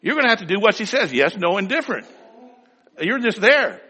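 A middle-aged male preacher delivering a sermon with personal stories, dramatic, swinging between slow emphatic phrases and quick storytelling. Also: high voice, big pitch swings, sharp tone. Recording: reverberant hall.

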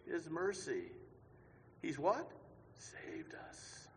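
A man preaching a sermon, moving from quiet musing to loud, shouted passages, and singing a hymn line along the way. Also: a little high, wildly swooping pitch, drawn-out words. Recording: long hall reverb.

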